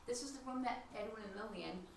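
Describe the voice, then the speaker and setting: A woman guiding a ghost tour of an old house, telling its stories in a chatty, animated way and quoting the people in them. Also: on the high side, quick pace, creaky. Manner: chatty, animated storytelling with quoted voices. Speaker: tour guide. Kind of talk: guided ghost tour storytelling. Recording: echoey room, voice from a distance, faint hiss.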